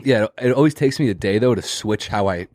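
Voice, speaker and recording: A man's voice: on the low side, brisk, darkish tone. A man co-hosting a podcast, telling a story in laid-back casual chat, a bit mumbly and swearing casually. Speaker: podcast co-host.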